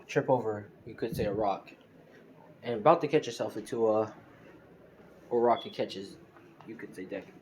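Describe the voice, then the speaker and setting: A man's voice: mid-range voice, darkish tone, slight background noise. Rambling man telling a story off the cuff. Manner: rambling, heavy use of "you know" and "you could say"; self-correcting, loose and informal. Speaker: fan fiction storyteller. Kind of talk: casual improvised storytelling.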